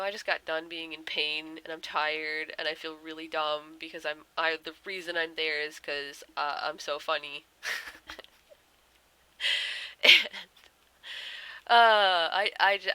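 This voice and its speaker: A young woman telling a rambling anecdote while she draws, full of fillers and deadpan punchlines. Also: low voice, measured pace, clear, resonant tone, poor audio. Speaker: artist vlogger. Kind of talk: casual storytelling while drawing.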